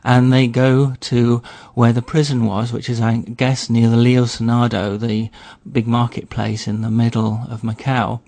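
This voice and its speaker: Gravelly man telling history. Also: mid-range voice, unhurried, hardly any pauses, dry recording. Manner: relaxed storyteller, wry asides. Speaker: history guest on a radio show. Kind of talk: storytelling chat.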